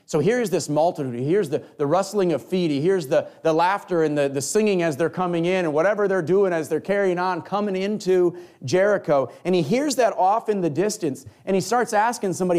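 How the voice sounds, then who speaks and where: A man preaching a sermon, telling a scripture story in an animated way and acting out the people in it. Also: high voice, a little fast, hardly any pauses.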